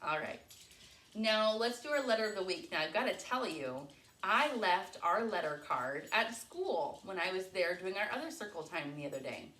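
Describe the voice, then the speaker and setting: A woman preschool teacher leading a circle time lesson for young children, speaking in a slow, clear, encouraging sing-song way. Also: medium pitch, very animated, bright, forceful tone, far from the mic. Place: home. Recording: echoey room.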